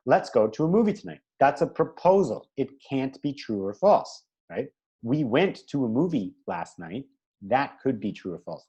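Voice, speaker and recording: A man teaching an informal class, his pitch rising and falling a lot as he explains. He talks in a chatty way and checks in with his students often. He sometimes stops to correct himself and restarts a sentence. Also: a little mellow. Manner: chatty, checks in with "right?" and "okay?"; self-correcting, with fillers and restarts.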